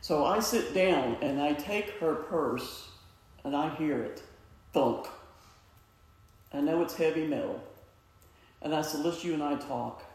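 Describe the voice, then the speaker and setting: A man's voice: a little high, a little mellow. A middle-aged man giving an earnest, heartfelt personal testimony at a suicide awareness event. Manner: earnest, slow, heartfelt storytelling. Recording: echoey hall, mic far off.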